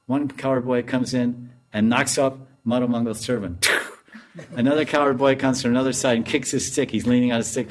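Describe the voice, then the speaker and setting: Guy preaching and telling stories, lively, keeps chuckling, mid-pitched voice. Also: fairly quick. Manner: animated, laughs while telling. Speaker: spiritual teacher. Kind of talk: storytelling sermon.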